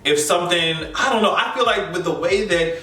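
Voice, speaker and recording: A man hosting a reaction channel, recapping an episode in a loud, profane, sassy way and acting out quotes. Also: high voice, expressive, fairly quick. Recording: roomy, distant mic, faint music.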